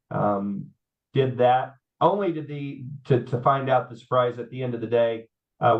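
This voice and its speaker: A man, telling his life story in an interview, halting with many fillers and repeats. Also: mid-range voice. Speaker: guest. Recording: slightly dull audio.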